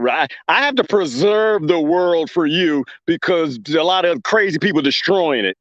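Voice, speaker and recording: A man's voice: a little high, fairly bright tone, dry recording. Man rambling on a lo-fi phone stream. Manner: rambling, joking, laughs often. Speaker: livestream host reading chat comments. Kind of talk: casual livestream chat.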